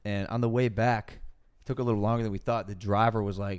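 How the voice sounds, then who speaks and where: A young man in his twenties hosting a casual podcast chat, telling stories in an animated way and swearing freely. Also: lowish voice, fast talker, clear, resonant tone. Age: 20s. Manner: animated storytelling, heavy swearing. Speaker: podcast host.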